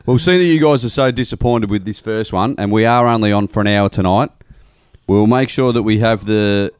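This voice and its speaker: A man's voice: fairly low pitch, brisk, clean tone, dry recording. Dry-sounding Australian man, teasing host. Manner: teasing, joking. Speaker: host of a beer review show. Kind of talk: casual banter.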